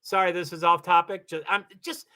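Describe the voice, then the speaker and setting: An older man hosting a casual livestream. He reads viewer comments aloud and rambles off topic, with many fillers and restarts, and his voice jumps high when he gets excited. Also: a little fast. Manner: big swings in pitch, rising high when excited. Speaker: livestream host.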